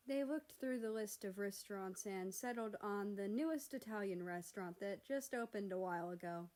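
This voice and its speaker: Woman narrating a story, steady and measured, storybook reading. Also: mid-range voice. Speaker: fan fiction reader.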